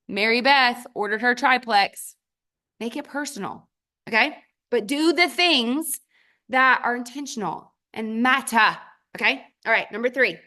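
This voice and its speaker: A woman and mother speaking as a guest trainer, giving a motivational sales talk in short, emphatic commands with sudden jumps in pitch for stress. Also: sharp tone. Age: adult with children. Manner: addresses the audience directly in short commands.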